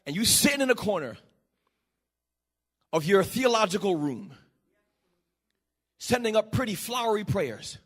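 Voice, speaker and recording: A male pastor preaching a sermon in a church, building to shouted peaks and dropping to quiet, low passages. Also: sing-song, unhurried, long pauses. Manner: shouting, rising to emphatic peaks.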